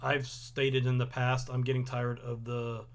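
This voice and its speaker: A young man hosting a casual review show, relaxed and rambling with lots of ums. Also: mid-range voice, a little slow. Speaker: host. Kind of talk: casual chat.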